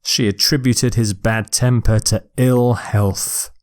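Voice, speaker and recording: A man teaching a recorded vocabulary lecture, speaking slowly and deliberately and stressing syllables clearly. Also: mid-range voice, fairly even intonation. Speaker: English teacher.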